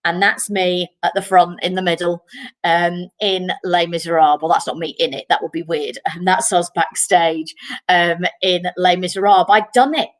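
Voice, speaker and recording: A woman, a musical theatre performer telling a personal story to a school assembly in a lively way. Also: lowish voice, normal speed. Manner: lively, acts out quoted voices while telling the story.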